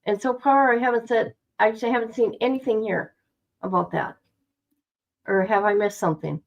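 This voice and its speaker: A woman's voice: on the high side, steady tone, normal speed, dull audio. A woman streaming casual commentary to her viewers, blunt and chatty, speaking straight to her audience. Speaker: streamer reacting to news.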